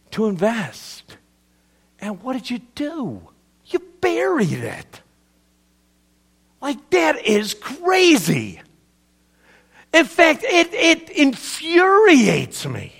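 A preacher acting out a livid master. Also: male voice, very high-pitched, gravelly, a bit bright, voice pushed up, heavily acted. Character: furious male master scolding a servant.

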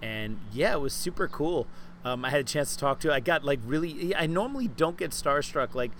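A man hosting a podcast in casual chat, telling animated, self-deprecating stories. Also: on the high side, a little fast, slight background noise. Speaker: podcast host.

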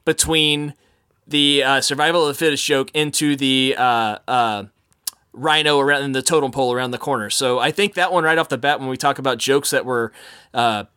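A man's voice: mid-range voice, moderate pace, pushed and bright, smooth. A man on a podcast reading a boat tour guide's script aloud with hammy punch, then chatting about it casually.

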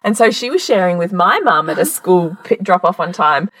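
Woman, middle-aged, podcast host, casual chat, lively and laughing, very expressive pitch. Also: moderate pace. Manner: lively storytelling with frequent laughter.

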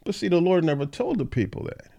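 A man's voice: high voice, big pitch swings, fast, vocal fry, warm tone. A man hosting a Bible study podcast who reads verses aloud and then explains them in a plain, conversational way. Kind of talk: reading scripture and explaining it.

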